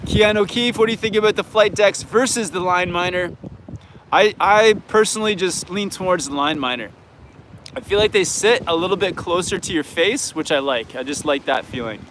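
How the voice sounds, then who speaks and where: With a fairly bright, high voice at normal speed, this Canadian snowboard coach and channel host answers viewer questions live, casual and candid while thinking aloud. A little hiss or hum is audible.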